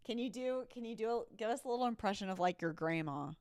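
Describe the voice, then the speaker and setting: A woman's voice: a little high, animated, fast, darkish tone, smooth, no room sound. Chatty young woman co-hosting a podcast. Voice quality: chatty, rambling, laughs often. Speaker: podcast co-host. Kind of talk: casual podcast chat.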